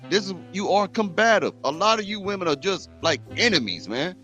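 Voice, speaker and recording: Brief: male reaction host, blunt heated rant, a bit high-voiced, soft music bed underneath. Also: sing-song, a little fast, muffled recording. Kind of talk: commentary rant.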